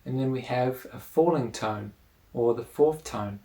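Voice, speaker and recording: Slow, patient male teacher. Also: mid-range voice, dark tone. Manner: measured and patient, explaining step by step. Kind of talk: explanatory lesson.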